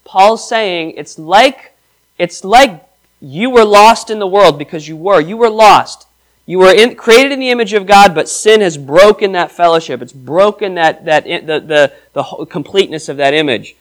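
A male pastor delivering a sermon with emphatic, rising delivery. His voice sits a little higher than most men's. He reads scripture aloud and turns to the congregation with questions. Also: lively intonation, normal speed, a bit bright.

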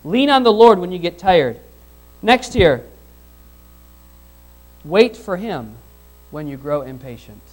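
A man's voice: sits high, animated, slow pace, long pauses, poor audio. Conversational male pastor preaching. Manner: conversational, asks the congregation questions and repeats phrases. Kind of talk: sermon.

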